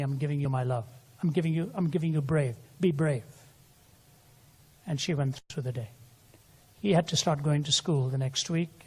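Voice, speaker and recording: An older man delivers a sermon in a husky, slightly high voice. He tells stories that swell into loud quoted lines, then drop soft for tender moments. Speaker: preacher. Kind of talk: sermon storytelling.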